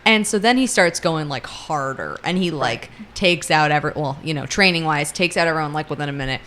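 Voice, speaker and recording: A woman's voice: low voice, brisk, fairly bright tone, slight background noise. A woman co-hosting a podcast, casually recapping a book plot in a chatty way, swearing freely and laughing often. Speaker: podcast co-host.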